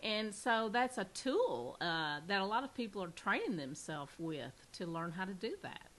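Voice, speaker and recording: Southern woman, podcast host, bright tone, chatty with restarts. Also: medium pitch, lively intonation, normal speed, a little hiss or hum. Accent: Southern American. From American South. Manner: chatty, with frequent restarts and fillers. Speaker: podcast host and mystery author. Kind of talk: casual interview chat.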